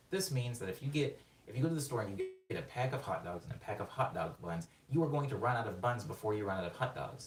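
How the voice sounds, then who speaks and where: A man on a live production stream, excitedly explaining rhythm while rambling and interrupting himself, sometimes singing words on the beat. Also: fairly low pitch, a little hiss or hum. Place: home studio during a live production stream. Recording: roomy room sound, mic at a distance, faint music.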